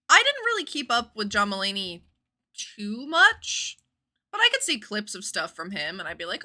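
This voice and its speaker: A young woman in her twenties chats away while playing a game on stream. She rambles from one thought to the next and swears now and then. Her voice is very bright and bouncy, and her pitch swings widely. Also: sing-song, normal speed. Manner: chatty, rambling, swears casually. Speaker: livestreamer.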